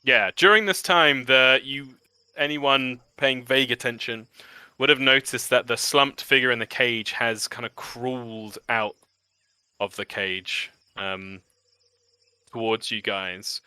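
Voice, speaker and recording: A man's voice: mid-range voice, steady tone, takes it slowly, bright, forceful tone, smooth, dry recording. A man narrating a tabletop game as game master, describing scenes with frequent ums.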